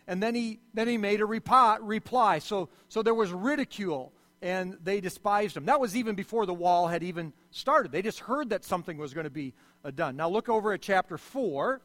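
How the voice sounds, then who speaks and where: High-voiced man preaching in a reverberant hall. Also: expressive, fairly quick, few pauses. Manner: preaching with sudden swells and drops in loudness. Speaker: pastor. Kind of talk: sermon.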